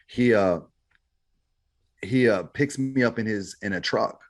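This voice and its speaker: With a fairly low voice and a measured pace, this man shares his story as a podcast guest. His storytelling is relaxed and slangy, peppered with "man" and "bro."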